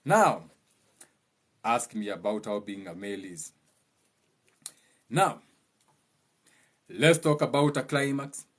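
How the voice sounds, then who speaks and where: A man's voice: lively intonation, slow, long pauses, fairly bright tone, husky. Mocking Kenyan man with a comic monologue. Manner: mocking, laughs at own jokes, jumps into high mimicking voices. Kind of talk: humorous monologue.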